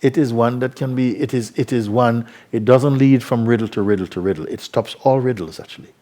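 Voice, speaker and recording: A man giving spiritual teaching to a live audience, unhurried and probing with repeated questions. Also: medium pitch, mellow.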